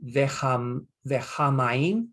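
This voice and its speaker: An older man teaching a Bible Hebrew lesson, slowly sounding out Hebrew words and explaining them with frequent pauses. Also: medium pitch, expressive, fairly bright tone. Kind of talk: screen-share lesson.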